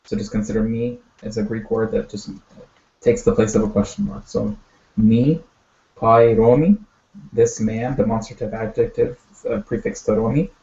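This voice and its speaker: A man's voice: lowish voice, fairly even intonation, normal speed, dark tone. Patient man teaching in an echoey room. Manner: patient, step-by-step explaining with many fillers. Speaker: language teacher. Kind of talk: online language lesson. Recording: echoey, dull audio.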